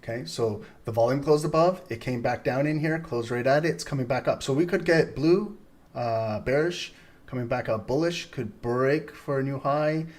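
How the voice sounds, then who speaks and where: A man's voice: mid-range voice, normal speed, a little mellow. A man in his thirties hosting a live trading stream, rambling and chatty as he comments on the charts. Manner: rambling, chatty, frequent laughter.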